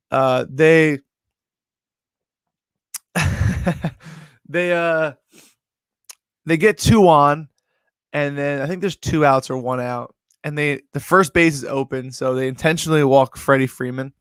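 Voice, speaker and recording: A young sports betting host tells a long, rambling story as a casual recap, animated and full of "like" and "yo." His voice is smooth and ordinary middle pitch, recorded dry and close with no room sound.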